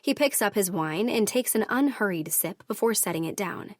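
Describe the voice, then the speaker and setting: Woman audiobook narrator, first-person romance, measured and steady, dead-dry booth. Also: medium pitch, no room sound.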